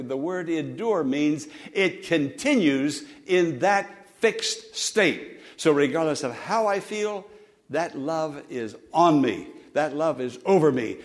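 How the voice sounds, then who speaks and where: Preaching man with dramatic swings. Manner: preacherly, swings from loud emphasis to soft low asides; leads the congregation in call-and-response. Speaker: pastor. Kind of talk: sermon.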